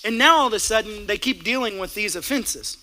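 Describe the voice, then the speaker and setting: A man preaching a sermon, acting out everyday marriage stories with lively voices for both partners. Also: high-pitched, a little fast, a little hiss or hum. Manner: animated, acts out both sides of a couple's quarrel, laughs along. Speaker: pastor.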